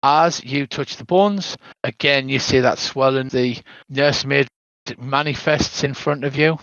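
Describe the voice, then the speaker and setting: An older British man running a tabletop game as game master, narrating scenes with dramatic pauses. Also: medium pitch, fairly bright tone, dry recording, dull audio.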